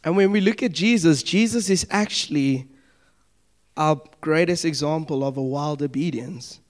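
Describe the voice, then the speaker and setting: A young man preaches with a fairly high voice, keeping it loose and conversational. He slips into quick acted-out exchanges and checks in with his listeners as he goes. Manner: conversational, animated preaching with asides and acted-out dialogue. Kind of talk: sermon.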